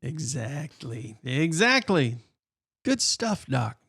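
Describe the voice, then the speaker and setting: A man's voice: on the high side, sing-song, takes it slowly, vocal fry, fairly bright tone, husky, dry recording, studio quality. A man who is a pastor, co-hosting a faith podcast in casual chat, laughing often and turning urgent and emphatic when he exhorts listeners.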